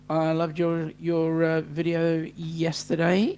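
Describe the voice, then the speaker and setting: A man's voice: on the high side, fairly even intonation, takes it slowly, hardly any pauses, darkish tone. An Australian man hosting a casual live-stream chat, reading out viewer comments and greeting each by name. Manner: chatty, reads viewer comments aloud with g'days. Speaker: host.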